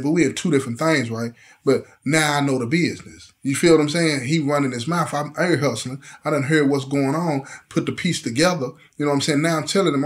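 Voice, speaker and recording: A middle-aged man with a slightly higher voice recounts a prison story in a loose, conversational way. He leans on street slang and keeps checking in with the listener, peppering every few lines with "you know what I'm saying". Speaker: host telling a story from prison. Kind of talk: casual storytelling.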